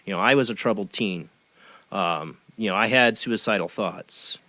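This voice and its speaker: A man's voice: fairly low pitch, moderate pace, pushed and bright, no room sound, low-quality recording. A middle-aged man hosting a podcast interview, talking earnestly with many stammered restarts. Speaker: podcast host. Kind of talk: casual conversational interview.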